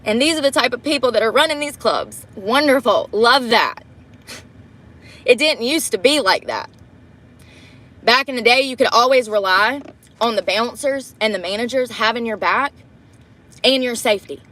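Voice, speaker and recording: A woman's voice: on the high side, moderate pace, fairly bright tone. A profane woman venting in a truck. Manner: profane, blunt and exasperated. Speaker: vlogger livestreaming a get-ready-with-me. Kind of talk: casual storytelling while doing makeup. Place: inside a parked truck.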